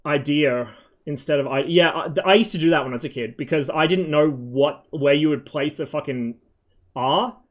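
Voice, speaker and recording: A man's voice: on the high side, normal speed. Rambling, swearing male game streamer. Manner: rambling, swears freely, many ums. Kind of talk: casual rambling stream chat.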